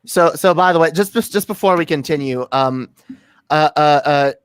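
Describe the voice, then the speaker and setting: A man from Canada chatting on a podcast with a slightly higher-than-average voice. He rambles and restarts often, full of fillers and jokes. The sound is dry and close. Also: moderate pace, clean tone, dry recording. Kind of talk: casual podcast chat.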